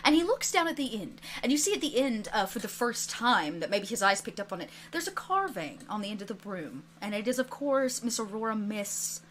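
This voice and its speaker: High, lively woman game master. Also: fairly quick, few pauses, a little hiss or hum. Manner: animated, playful narration with fillers. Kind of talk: narrating a tabletop game.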